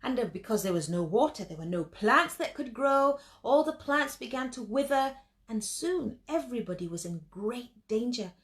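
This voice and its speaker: Animated high-voiced woman storyteller. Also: moderate pace. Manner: animated, expressive, addresses listeners directly. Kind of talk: storytelling for children.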